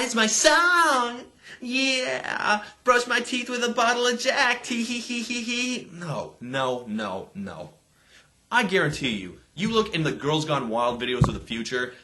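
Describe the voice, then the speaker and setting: Male online music reviewer, bright and fairly high voice, sarcastic and exasperated, faint pop music behind. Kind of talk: comedic video review.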